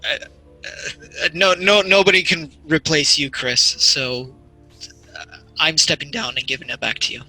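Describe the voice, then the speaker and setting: Sheepish stammering man, voiced by a man in a tabletop game, quick and apologetic, somewhat high. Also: sharp tone, soft background music, poor audio.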